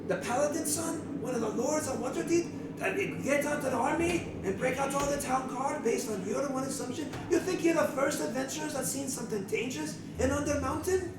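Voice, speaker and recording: A man's voice: very high voice, a little fast, few pauses, roomy sound, recorded from a distance, noisy background, pitched above the performer's own voice. A man voicing a brusque middle-aged male tavern keeper in a tabletop game, haggling and grumbling. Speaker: dungeon master.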